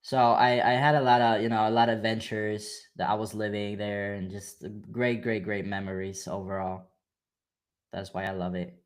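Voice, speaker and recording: A man's voice: lowish voice, level tone, normal speed. A man with a German accent hosting a trading livestream, chatting casually and hyping viewers, calling them bro. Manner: hyped and slangy, calls viewers bro.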